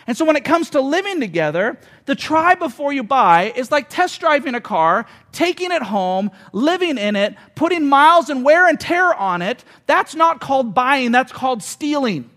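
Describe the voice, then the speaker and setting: Pastor in his forties, very high-pitched man, conversational and emphatic sermon delivery. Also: a bit bright. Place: church hall with audience.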